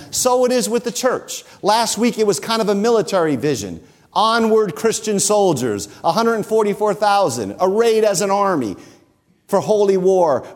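A man preaching a sermon, who slows down and stresses key phrases. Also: high-pitched. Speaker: pastor.

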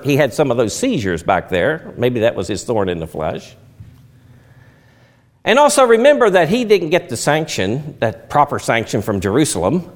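Animated male preacher, lively pitch. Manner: animated preaching with emphatic rises and drops. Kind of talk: sermon.

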